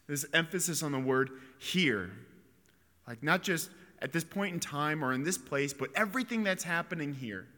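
A man's voice: a little high, lively intonation, sharp tone. A man giving an earnest, reflective homily in a chapel. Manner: earnest, reflective preaching with pauses and restarts. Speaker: priest or preacher. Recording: long echo of a chapel.

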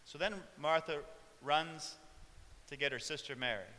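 A male preacher giving a reflective sermon, with soft chuckles along the way. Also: fairly high pitch, measured pace, big-room sound.

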